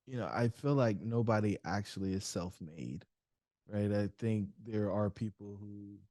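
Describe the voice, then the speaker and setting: A man's voice: lowish voice, unhurried, dark tone, dry recording, clean studio sound. A man hosting a podcast, asking thoughtful questions with some hesitation. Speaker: podcast host. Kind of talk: interview questions.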